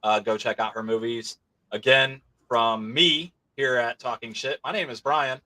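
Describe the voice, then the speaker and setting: A man's voice: mid-range voice, measured pace, pushed and bright. A man co-hosting a podcast, chatting casually and laughing often. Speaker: podcast co-host.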